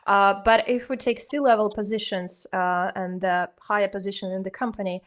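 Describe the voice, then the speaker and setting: A woman whose first language is Russian, hosting an interview and explaining points in a measured, teacherly way. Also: mid-range voice, steady tone. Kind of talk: conversational interview.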